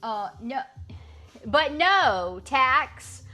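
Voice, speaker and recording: A woman with a high, bright voice and an American accent talks slowly and playfully to her live chat, testing out awkward French. Faint music plays behind her. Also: very animated. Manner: playful, chatty, trying out clumsy French phrases. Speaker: livestreamer. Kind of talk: casual chat with live stream viewers.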